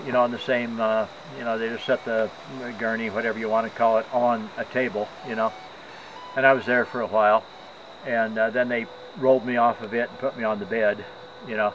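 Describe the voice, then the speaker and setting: A man's voice: mid-range voice, level tone, normal speed, a bit bright, dull audio, a little hiss or hum. An older man recovering in a hospital, sore and weak after surgery, telling a rambling, indignant story in a casual way. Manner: rambling and indignant, acts out quoted voices. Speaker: patient telling his story. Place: hospital room.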